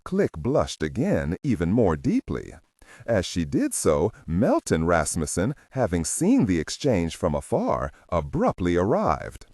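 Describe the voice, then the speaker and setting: Deep husky male audiobook narrator. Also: huge pitch swings, unhurried, darkish tone, no room sound, studio quality. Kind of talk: scripted narration.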